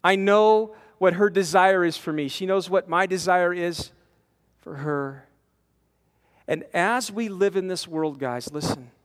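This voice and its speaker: A man in his forties preaching a conversational sermon to a men's conference, animated, acting out quotes and repeating words as he presses his points. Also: sits high, unhurried. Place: large conference hall. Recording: long hall reverb from a conference.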